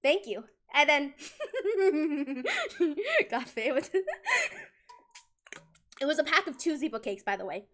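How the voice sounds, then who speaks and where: A young woman streamer telling a rambling, animated story in casual chat, full of restarts and giggles. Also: sits high, slow, pauses often.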